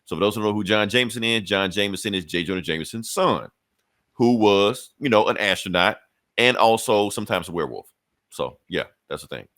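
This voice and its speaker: Low-voiced man recapping comics casually. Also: lively intonation, a bit bright, no echo. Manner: loose, profane storytelling with quick acted-out quotes. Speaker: comic book podcast host.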